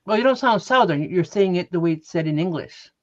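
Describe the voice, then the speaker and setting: A woman's voice: on the low side, lively intonation, brisk, no room sound, lo-fi sound. A woman co-hosting a live sale, reading out buyers and lots in short, casual bursts. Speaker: sale co-host tracking buyers. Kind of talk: casual chat.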